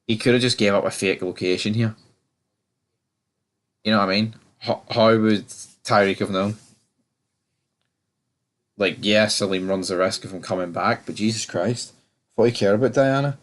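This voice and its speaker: Man, lowish voice, casual rambling review, stammers and repeats words. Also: steady tone, moderate pace, long pauses. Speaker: TV show reviewer.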